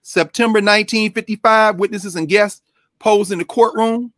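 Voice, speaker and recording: A man's voice: high voice, moderate pace, no echo, clean studio sound. A man speaking as a scholar and co-host in an impassioned, lecture-style talk, rhythmic and emphatic, often repeating his points. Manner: animated, rhythmic, emphatic repetition.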